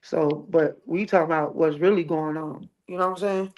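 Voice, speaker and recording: A woman from the Midwest, a cook and musician, talking as a guest in relaxed, slangy conversation. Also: low-pitched, moderate pace, muffled recording. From American Midwest. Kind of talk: casual interview talk.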